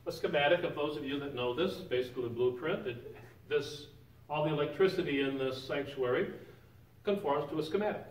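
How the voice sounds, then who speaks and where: In a church sanctuary, a man with a fairly high voice gives an informal Bible lesson at a brisk pace, talking conversationally and quizzing his class. The sound is roomy and echoing, picked up from a distance.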